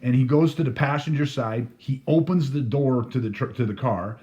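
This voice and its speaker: Man, casual storytelling, laughs while talking, swears, mid pitch. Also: normal speed, mellow, highs cut off. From Canada. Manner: laughs through his words, swears freely.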